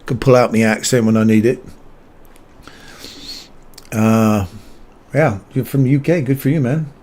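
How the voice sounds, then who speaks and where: A man's voice: medium pitch, fairly even intonation, unhurried, a little mellow, a little hiss or hum. A man in his fifties who grew up in England and Canada, casually talking through chart moves and answering chat as host of a live trading stream. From England, raised in Canada. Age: 50s.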